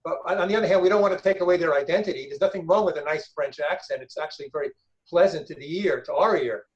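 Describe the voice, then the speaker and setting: Man, volunteer tutor, thoughtful and hesitant, slightly high pitch, dull lo-fi call sound. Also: fast. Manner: thoughtful, hesitant, repeats words. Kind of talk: workshop discussion comment.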